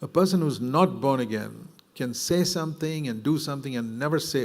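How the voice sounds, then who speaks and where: Gravelly-voiced man preaching earnestly. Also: a little fast, few pauses. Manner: earnest, conversational preaching that rises in pitch when emphatic. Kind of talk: sermon.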